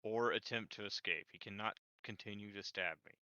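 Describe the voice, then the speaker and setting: Crisp, sharp-voiced man checking rules. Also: on the low side, brisk, dry recording. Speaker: player. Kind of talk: tabletop game chat. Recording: dull lo-fi mic.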